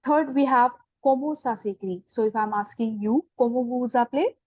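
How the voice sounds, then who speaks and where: Speaking with a fairly high pitch and dark tone, a woman with an Indian English accent leads an online beginners' French class. She explains slowly, quizzes and corrects her students patiently, in a recording with no echo and the highs cut off.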